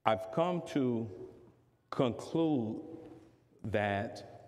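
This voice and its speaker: A man preaching a sermon as bishop, measured and deliberate, rising to forceful emphasis on key words. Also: mid-range voice, big-room sound. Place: church sanctuary.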